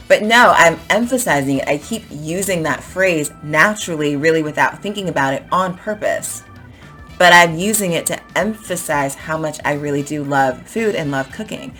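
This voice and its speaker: Low-voiced woman teaching English. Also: normal speed, soft background music. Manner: animated, emphatic, repeats phrases to model intonation. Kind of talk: explaining to camera in a lesson.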